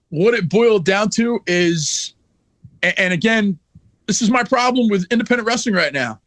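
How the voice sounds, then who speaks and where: Man, high voice, blunt and profane storyteller, dry close sound. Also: a bit bright, no echo. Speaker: wrestler guest. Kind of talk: casual podcast storytelling.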